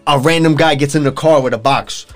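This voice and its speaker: A man's voice: on the high side, moderate pace, faint music behind. A young man casually retelling a TV episode to friends, swearing freely and filling his talk with "like" and restarts. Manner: loose, profane storytelling full of fillers. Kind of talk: casual chat.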